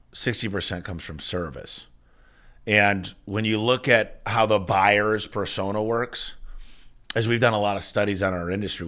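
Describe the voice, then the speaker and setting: Emphatic man in his forties, low-voiced. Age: 40s. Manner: energetic, emphatic storyteller with frequent restarts. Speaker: business owner guest. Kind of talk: casual interview talk.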